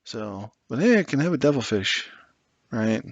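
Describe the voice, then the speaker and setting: A man's voice: mid-range voice, sing-song, moderate pace, no echo, highs cut off. A man rambling sarcastically and with exasperation as he builds a tabletop wargame army list, swearing now and then. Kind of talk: casual commentary while building an army list.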